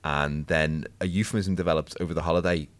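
A man's voice: a bass voice, steady tone, quick pace. A man, co-hosting a podcast in casual, jokey, self-deprecating chat. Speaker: podcast co-host.

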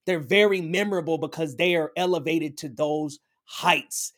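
A man's voice: on the high side, normal speed, fairly bright tone. A man co-hosting a casual film review chat, talking enthusiastically and emphatically. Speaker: podcast co-host.

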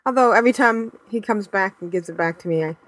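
A woman co-hosts a podcast, rambling through casual chat full of fillers and laughter. She speaks at a quick pace in a medium pitch.

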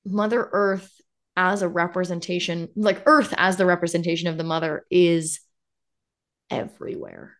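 A woman's voice: lowish voice, fairly even intonation, moderate pace, a bit bright. A woman co-hosting a podcast, musing reflectively in casual conversation. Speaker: podcast co-host. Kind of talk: casual chat about a book.

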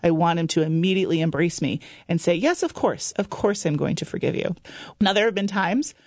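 A middle-aged woman who is a guest on a faith-based radio talk show, speaking in a chatty, warm way and laughing often. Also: fairly low pitch, expressive, brisk, dry recording, studio quality. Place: radio studio.

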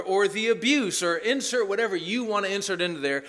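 A male pastor preaches to his congregation, leaning hard on repeated words and asking the room questions. His voice sits a touch high for a man and rings bright and forceful. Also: animated, fairly quick, hardly any pauses. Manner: earnest, emphatic preaching with repeated phrases and rhetorical questions. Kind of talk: sermon. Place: church sanctuary.

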